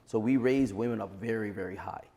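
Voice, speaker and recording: A man's voice: fairly low pitch, a little fast, gravelly, warm tone. A man in his forties, a guest on a podcast interview, giving blunt and emphatic opinions. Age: 40s. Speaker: entrepreneur guest.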